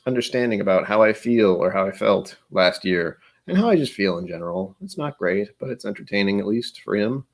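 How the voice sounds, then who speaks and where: A man hosting a live stream, chatting casually and rambling, tired and self-deprecating, greeting viewers by name. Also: on the low side. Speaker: livestream host.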